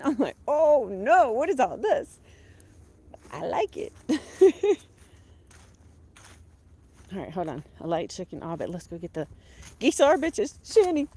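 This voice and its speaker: A woman's voice: medium pitch, a little mellow. A woman, chatting casually on a livestream from her home kitchen, laughing often. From Southeastern Virginia. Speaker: vlogger.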